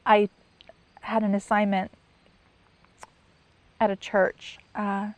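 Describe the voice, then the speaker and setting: A middle-aged woman giving personal testimony in an interview, soft-spoken and halting, with many pauses and restarts, sometimes near a whisper. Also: mid-range voice, level tone, no echo. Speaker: sign language interpreter.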